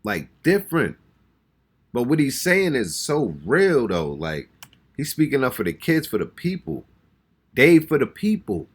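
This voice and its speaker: A man's voice: mid-range voice, very animated, unhurried, breathy edge. An American man hosting a reaction channel, talking casually and exclaiming as he reacts, often repeating himself. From United States. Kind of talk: casual music reaction commentary.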